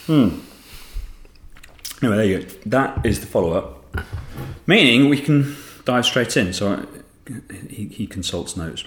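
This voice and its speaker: Man, very low voice, sleepy, rambling, restarts sentences, echoey room. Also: expressive, unhurried. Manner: rambling, self-deprecating, restarts often. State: sleep-deprived. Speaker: podcast co-host. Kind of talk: casual podcast chat.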